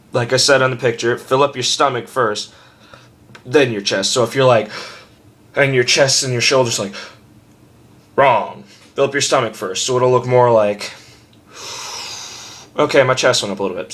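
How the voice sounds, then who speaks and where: A man's voice: medium pitch, a bit bright. Young man, casual vocal tutorial, rambling, profane, self-mocking, home camera mic. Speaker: screaming tutor.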